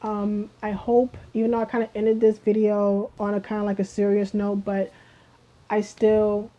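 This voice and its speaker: A woman's voice: medium pitch, monotone, moderate pace, mellow. A woman ranting to camera in a vlog, heated and emphatic, swearing often and repeating herself with lots of fillers. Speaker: vlogger. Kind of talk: casual rant to camera. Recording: dull lo-fi audio.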